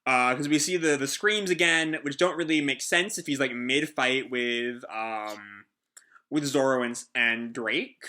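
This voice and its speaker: A man's voice: medium pitch, measured pace, pushed and bright. A man who hosts a casual comic reaction, talking in a rambling, hesitant way with many fillers. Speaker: host.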